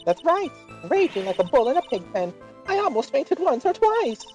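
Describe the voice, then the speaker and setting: A woman performs a dramatic, teasing older nun from a courtroom game. The voice sits fairly high and rises and falls a lot as she hams up every line. Faint music plays underneath. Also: big pitch swings, normal speed, darkish tone, low-quality recording. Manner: theatrical, teasing line reading. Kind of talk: game script voice reading.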